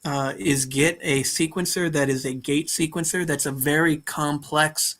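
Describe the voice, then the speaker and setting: A man's voice: fairly high pitch, steady tone, a little slow, fairly bright tone. A man chatting casually on a video call from his bedroom, thinking aloud and restarting his sentences. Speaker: modular synth hobbyist on a stream.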